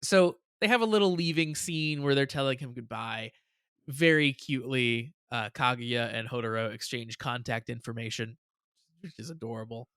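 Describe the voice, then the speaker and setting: A man's voice: mid-range voice, moderate pace, clean tone, no echo. A man with a mid-range voice chats casually as a reaction show co-host, laughing easily and retelling scenes with energy. The recording is dry and close, with no room sound. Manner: chatty, laughs often, animated retelling. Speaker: podcast co-host.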